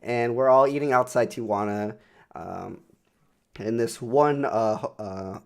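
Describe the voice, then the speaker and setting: In a laid-back podcast conversation, this young co-host animatedly rambles through profane stories, his speech stuffed with fillers. He talks a little slowly in a mid-range voice marked by vocal fry.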